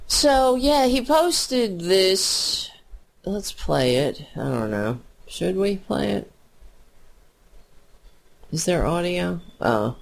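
A woman delivers heated political commentary in an unhurried, deliberate way, her voice sitting on the lower side. She sounds scornful and insulting, and her talk is halting, with frequent repeated words. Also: sing-song, creaky.

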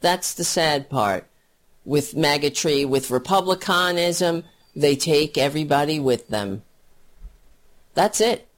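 A woman's voice: low voice, slow pace. A woman giving an angry, sarcastic, profane political rant to camera. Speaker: political commentator.

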